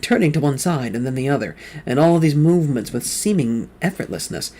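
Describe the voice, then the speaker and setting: A man's voice: a little high, expressive, fairly quick. A man reading a novel aloud in the first person with dramatic intensity, sometimes slipping and correcting himself mid-sentence. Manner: reads with rising intensity, quoted lines shouted or whispered; occasional slips and self-corrections mid-sentence. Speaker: fan reader of a novel.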